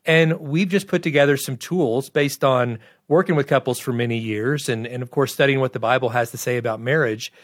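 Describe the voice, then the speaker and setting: A man's voice: mid-range voice, fairly quick, few pauses. A man appearing as a guest and marriage coach, explaining his ideas earnestly with a self-deprecating touch and a few stumbles. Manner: earnest, self-deprecating, repeats words as he goes. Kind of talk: casual talk-show conversation.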